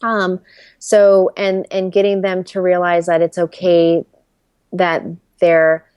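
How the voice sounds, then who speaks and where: A woman's voice: fairly low pitch, slow pace, smooth, dry recording. A woman in her thirties, a career strategist and interview guest, talking candidly and animatedly. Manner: candid, animated storyteller who acts out quotes. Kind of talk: casual interview conversation.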